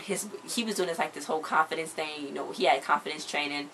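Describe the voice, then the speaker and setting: A woman giving a casual, chatty episode recap, peppering her talk with "like" as she retells scenes in an animated way. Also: low-pitched, quick pace, few pauses, slight background noise, rough recording. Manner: chatty, full of "like" fillers. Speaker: show recap host.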